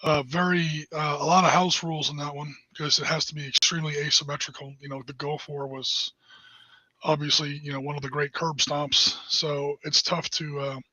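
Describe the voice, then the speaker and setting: A man co-hosting a casual podcast, chatty and hesitant with many pauses. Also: fairly high pitch, little pitch movement, sharp tone, no echo. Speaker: podcast co-host. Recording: dull dry lo-fi mic.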